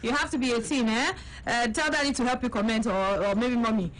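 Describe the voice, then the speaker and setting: High-voiced Nigerian woman radio host. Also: brisk, poor audio. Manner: teasing, mixes in Pidgin. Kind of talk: radio phone-in chat.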